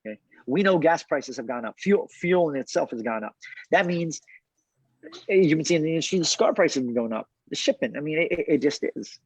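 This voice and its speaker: A man talks from his car as an interview guest, animated and laughing often, often repeating his words. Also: on the high side, fairly quick, breathy edge, no room sound. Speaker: cigar brand founder, guest. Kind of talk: casual interview chat. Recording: dull dry remote call audio.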